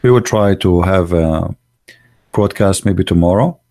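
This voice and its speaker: A low, mellow voice with vocal fry and a measured pace belongs to this man from the Arab world who hosts an online show. He gives a blunt, emphatic, opinionated livestream monologue thick with rhetorical questions, using broken, non-native grammar.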